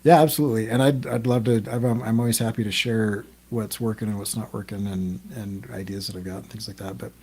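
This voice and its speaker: A man's voice: fairly low pitch, steady tone, fairly quick, hardly any pauses, darkish tone, husky. A man co-hosting a podcast in casual group chat, talking in a rambling way with many ums and restarts. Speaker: podcast co-host.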